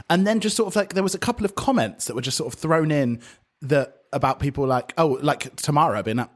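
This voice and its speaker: A man co-hosting a podcast, chatting in a camp, animated way and swearing freely. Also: on the high side, quick pace. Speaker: podcast co-host. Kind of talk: casual chat.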